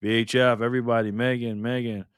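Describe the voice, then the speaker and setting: A man runs a casual live stream, warmly greeting viewers by name and thanking them for tips. His voice sits at an ordinary middle pitch. The sound is close and dry with no room echo. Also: little pitch movement, smooth. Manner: upbeat, reads chat names aloud with quick thanks.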